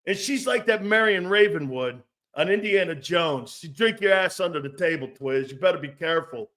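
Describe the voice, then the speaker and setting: A man with a high voice and an unhurried, drawn-out delivery hosts a loose sports talk show. He is rowdy and jokey, rambles from one point to the next, and breaks into laughter often. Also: sharp tone.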